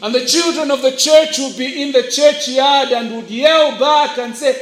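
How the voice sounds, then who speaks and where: A man's voice: very high voice, fairly even intonation, moderate pace, hardly any pauses, fairly bright tone. A man preaching a sermon to young people, acting out voices as he tells stories. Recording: echoey room.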